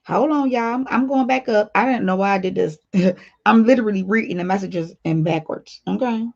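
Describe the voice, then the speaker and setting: A woman's voice: medium pitch, a little fast, vocal fry, a little mellow. A woman hosting a casual livestream, reading viewer comments aloud and talking straight to her viewers in a blunt, playful way. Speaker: livestream host. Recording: dull lo-fi stream audio.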